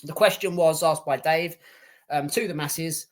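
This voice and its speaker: A British man with a fairly high voice co-hosts a casual podcast. He talks loosely and bluntly, drops in swear words, and addresses the audience as ladies and gentlemen. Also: fairly even intonation, unhurried. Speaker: podcast co-host.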